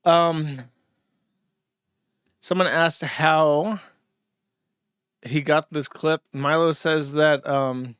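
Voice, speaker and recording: A man's voice: medium pitch, fairly bright tone, clear, resonant tone, dry recording, clean studio sound. A male host giving casual, sardonic commentary on clips, laughing often and peppering his talk with "like". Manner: laughing, filler-heavy, sardonic.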